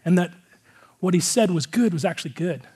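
High-voiced man preaching casually. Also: expressive, a little fast, a little mellow, slightly rough. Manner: earnest, rambling, filler-heavy with frequent "like". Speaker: pastor. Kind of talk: casual, conversational sermon.

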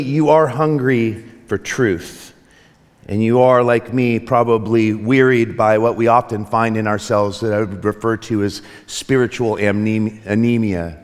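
In a church sanctuary, a man preaches to his congregation as their pastor, earnest and reflective, with frequent restarts and some light joking. His mid-range voice trails off into a long reverb tail.

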